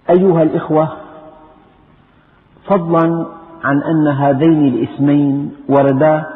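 A man giving a formal religious lecture with a fluent preaching cadence. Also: a little high. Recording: tinny phone-like radio with long reverb.

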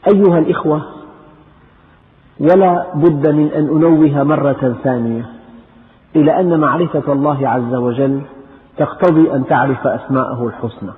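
Male lecturer, rapid formal delivery, phone-thin sound in a reverberant hall. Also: fairly high pitch. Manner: fluent, formal preaching cadence. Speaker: religious lecturer. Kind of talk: religious lecture. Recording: tinny phone-like radio with long reverb.

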